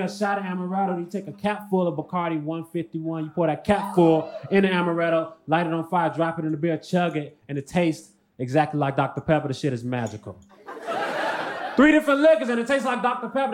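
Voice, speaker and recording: A man performing a stand-up comedy routine on a club stage, with a dry, deadpan delivery. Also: high voice. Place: comedy club stage before a live audience. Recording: noisy live stand-up recording.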